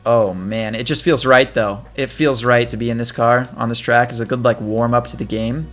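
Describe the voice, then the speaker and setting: A man's voice: mid-range voice, fairly even intonation, normal speed, fairly bright tone, soft background music. A man hosting a gaming channel, giving casual gameplay commentary and chatting as he thinks aloud while playing.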